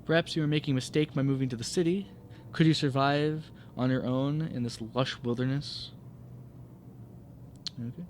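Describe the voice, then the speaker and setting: A man's voice: mid-range voice, fairly even intonation, normal speed, long pauses, a little mellow, slight background noise. A man playing a solo tabletop game, reading the adventure aloud and often stopping to correct his own slips. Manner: self-correcting, stumbles and rereads words.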